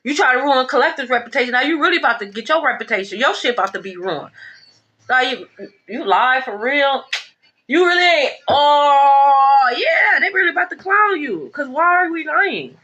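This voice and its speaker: A woman's voice: high voice, lively intonation, brisk, pushed and bright, highs cut off. A woman giving a blunt, profane, sassy tarot reading in a casual rant. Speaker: tarot reader.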